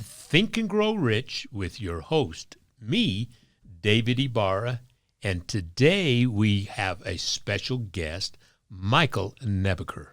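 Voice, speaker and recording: A male podcast host with a low voice talks slowly, letting his pitch rise and fall freely. He opens the show and draws out his guest, and the recording is dry and close. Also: dry recording. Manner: unhurried, animated introductions, warm affirming interjections. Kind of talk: interview hosting.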